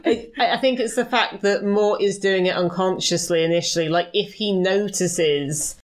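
A woman co-hosting a casual book discussion, thinking aloud and acting out quotes. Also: mid-range voice. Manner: quick, thinks aloud with restarts, acts out quotes. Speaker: podcast co-host.

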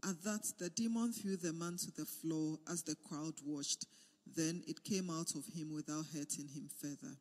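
A man reading scripture aloud in a steady, measured way during a sermon. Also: a little high, in a large hall. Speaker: scripture reader.

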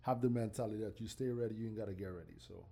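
A man's voice: on the low side, very fast, creaky, mellow. A man hosting a casual podcast chat, easygoing and prone to repeating phrases as he leads into a topic. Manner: easygoing, repeats himself while steering the talk. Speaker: podcast host.

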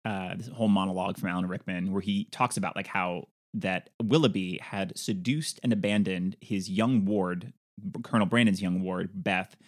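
A man's voice: deep voice, normal speed. A man co-hosting a podcast, casually recapping a film's plot with playful asides. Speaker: podcast co-host. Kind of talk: casual film discussion.

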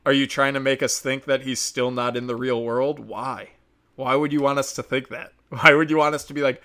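A man hosts a solo podcast and talks in a loose, profanity-laden rant. His tone is exasperated and sarcastic, and his voice has a bright, forceful edge. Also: mid-range voice, a little fast. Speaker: podcast host.

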